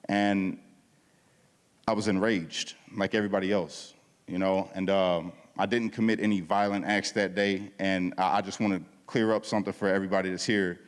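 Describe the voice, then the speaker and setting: His fairly low, smooth voice moves at a moderate pace as this guest speaker shares his testimony at a church service, casual and full of slang. He animatedly acts out the dialogue of the people he describes, and the hall adds a long, ringing reverb.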